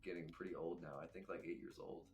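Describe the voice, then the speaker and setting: Low-voiced young man telling stories. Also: steady tone, fast talker, gravelly, highs cut off, soft background music. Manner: rambling, reflective, laughs often. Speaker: guest. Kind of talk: casual storytelling chat.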